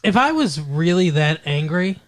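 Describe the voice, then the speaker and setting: A man co-hosting a podcast in casual chat, cracking dry, deadpan jokes. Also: fairly high pitch, moderate pace, no room sound. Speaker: podcast co-host.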